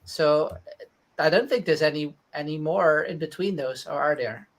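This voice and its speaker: A man's voice: a little high, normal speed. Laid-back man hosting a casual online call. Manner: easygoing, laughs often, restarts words. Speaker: host.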